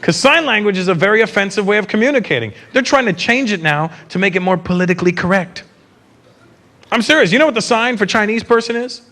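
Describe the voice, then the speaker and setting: Animated male stand-up comedian, bright and lively. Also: high-pitched, fast talker. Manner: animated, teasing crowd work. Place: stage before a live audience.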